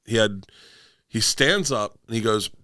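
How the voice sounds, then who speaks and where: Middle-aged comic, loud rambling raconteur, bright forceful voice, swears freely, acts out quotes, dry close sound. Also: male voice, lowish voice, lively intonation, unhurried, no echo. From Tampa, Florida. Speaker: podcast guest, comedian. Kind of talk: casual storytelling.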